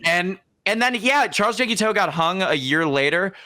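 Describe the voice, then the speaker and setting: A young man co-hosting a casual podcast, spinning a comic history tale. His voice sits high and swoops widely. The tone is bright, and he keeps breaking into playful mock voices for the people in the story. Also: moderate pace. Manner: animated, jumps into exaggerated quoted voices. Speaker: podcast co-host.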